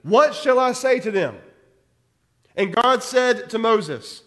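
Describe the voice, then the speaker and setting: A male pastor with a notably high voice teaches from scripture, reading verses aloud and explaining them point by point. He keeps checking in with "okay?" as he goes. His voice carries a long reverb, like a big room. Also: expressive, slow, bright, forceful tone. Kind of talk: sermon.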